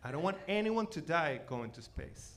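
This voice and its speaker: A man's voice: fairly high pitch, normal speed. Venezuelan-accented man doing stand-up. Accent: Venezuelan Spanish. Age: 40s. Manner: animated, self-mocking, swings between loud outbursts and mutters. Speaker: stand-up comedian. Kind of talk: stand-up comedy set. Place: comedy theater stage.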